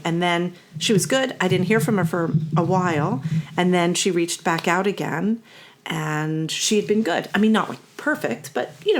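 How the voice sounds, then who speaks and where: A woman co-hosting a podcast, telling stories in an animated, chatty way. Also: lowish voice. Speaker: podcast co-host. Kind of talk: casual conversational chat.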